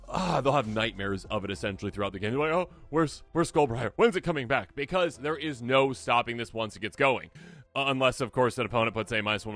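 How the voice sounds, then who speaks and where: A man hosts a casual card game review with a lively, swooping pitch and a bright, forceful edge to his voice. He talks in an animated, jokey way and keeps addressing imagined opponents. Faint music plays behind him. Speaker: host.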